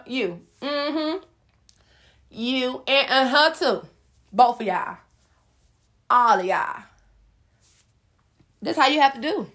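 A woman's voice: high-pitched, fairly bright tone. A woman hosting a solo podcast, preaching at her listeners with sass and speaking directly to them. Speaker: podcast host.

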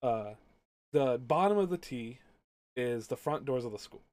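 A man's voice: mid-range voice, lively intonation, unhurried, a little mellow, no room sound. A young man co-hosting a casual podcast, telling a school story with heavy swearing and acting out both sides of the argument. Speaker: podcast co-host. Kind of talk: casual ranting chat.

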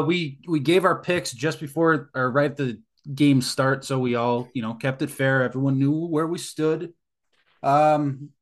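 A man hosting a casual sports podcast with friends, joking around as he walks through the week's betting lines. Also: mid-range voice. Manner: joking, runs the segments. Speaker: podcast host.

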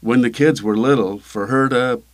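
An older man, a pastor, talking casually in an interview, halting with many fillers and restarts. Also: medium pitch.

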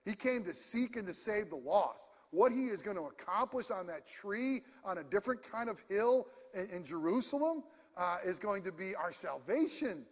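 A man's voice: high voice, expressive, moderate pace. A man preaching a sermon as pastor, passionate and emphatic yet conversational. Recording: long hall reverb.

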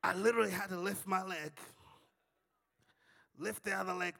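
A man preaching a sermon, telling dramatic stories and acting out the dialogue, with calls for the congregation to shout back. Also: high-pitched, fairly even intonation, moderate pace, creaky, big-room sound. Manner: dramatic storytelling with big swings between shouting and hushed tones; acts out dialogue with audience call-and-response.

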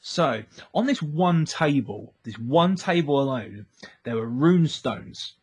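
A man's voice: fairly high pitch, lively intonation, takes it slowly, slightly rough. A man, co-hosting a casual recap chat, rambling and laughing as he retells scenes. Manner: rambling, laughs often, acts out quotes. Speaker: podcast co-host recapping an episode.

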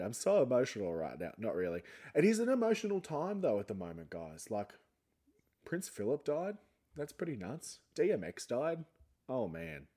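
A fairly low-pitched, dark male voice belongs to a young podcast host chatting alone on a casual show. His words come out a little funny because of a sore jaw after wisdom tooth extraction, and his style is rambling, chatty, and self-mocking.

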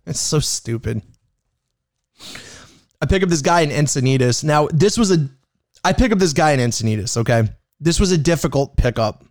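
Animated, high-voiced man telling a story. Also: moderate pace, pauses often, no room sound, studio quality. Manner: animated, profane, acts out dialogue. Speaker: rideshare driver. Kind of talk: casual anecdote storytelling.

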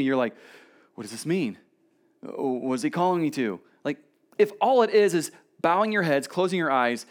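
A man in his thirties preaching a casual, storytelling sermon at a church service, swinging between emphatic lines and quiet asides. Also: a little high. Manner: conversational storytelling, shifts between loud emphasis and soft asides. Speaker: pastor.

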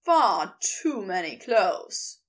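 A woman voicing a lanky, teasing man with a slow, drawling delivery, in a read-aloud fan story. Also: mid-range voice, sing-song, pitched below the performer's own voice. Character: lanky teasing male lover, lowish and languid.

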